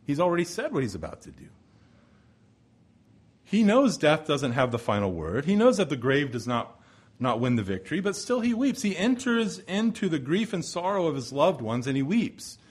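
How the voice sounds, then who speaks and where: A man preaching an expository sermon, moving between forceful emphasis and hushed, slow pauses. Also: a little high, very animated, slightly rough. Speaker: pastor.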